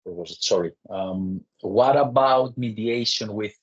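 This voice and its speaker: Male moderator, breathy and low, relaying questions politely. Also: measured pace, dull audio. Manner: polite, hesitant, many "uh" and "um". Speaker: session moderator. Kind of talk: reading audience questions.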